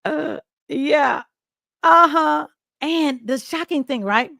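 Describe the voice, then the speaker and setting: A middle-aged woman hosting her own live show, chatting casually into a close webcam and rambling with quick restarts and laughter. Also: sits high, gravelly, sharp tone, no room sound. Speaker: host. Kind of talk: casual live-stream chat. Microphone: webcam close to face.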